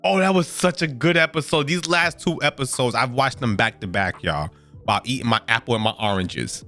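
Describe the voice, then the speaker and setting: A man's voice: medium pitch, a little fast, bright, forceful tone, soft background music. A man hosting a reaction video, talking casually and often breaking into exclamations. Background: show audio playing.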